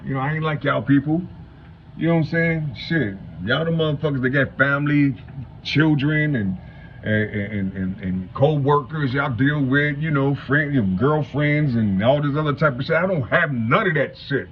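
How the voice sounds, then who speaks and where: In a faintly humming, dull low-fi home recording, a fifty-something vlogger from Cincinnati, Ohio, talks to viewers at a moderate pace. His monologue rambles and stutters, heavy on swearing, salty street talk, and "you know what I'm saying."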